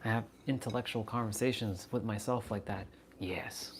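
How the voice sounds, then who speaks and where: A man's voice: on the low side, steady tone, moderate pace, slight background noise. A man chatting casually on a phone live stream, goofy and joking, poking fun at himself. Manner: goofy, joking, self-mocking.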